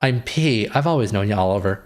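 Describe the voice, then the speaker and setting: A man voicing a gentle little fairy companion while reading game dialogue aloud. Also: fairly low pitch, animated, brisk, pitched below the performer's own voice, close to an everyday voice. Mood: eager.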